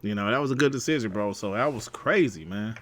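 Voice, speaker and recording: A man hosting a casual gaming podcast, talking in a lively, slangy way and laughing easily. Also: on the low side, fast talker, a little hiss or hum. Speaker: podcast host.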